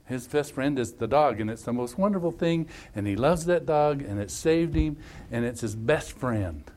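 Animated man coaching a couple. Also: mid-range voice, normal speed. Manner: animated storytelling with hypothetical scenarios; repetitive, emphatic phrasing. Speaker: family workshop speaker. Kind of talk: coaching a couple before a group.

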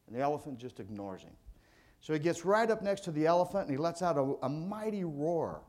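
A man's voice: fairly high pitch, lively intonation, fast, a little mellow. An older man from California giving a motivational talk to fellow insurance salespeople. He tells stories in a folksy, conversational way, and his voice sits slightly above the usual male range. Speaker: insurance agent speaking at a sales event. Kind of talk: motivational speech.

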